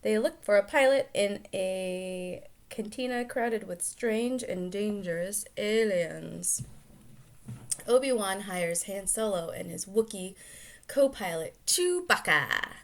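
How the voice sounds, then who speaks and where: A woman reading a children's storybook aloud as a storytelling aunt, lively, stopping for chatty asides and quick self-corrections. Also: medium pitch. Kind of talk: reading a picture book aloud.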